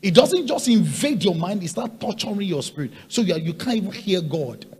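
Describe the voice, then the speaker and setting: A man preaching a sermon, swinging from quiet asides to loud shouted points and hammering on repeated rhetorical questions. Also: high-pitched, lively intonation, fairly quick. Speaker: pastor.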